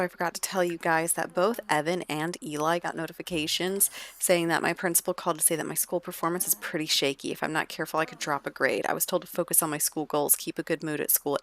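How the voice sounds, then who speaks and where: A woman giving chatty, casual gameplay commentary, quick and full of exclamations. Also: sits low, fairly bright tone. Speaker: let's play narrator.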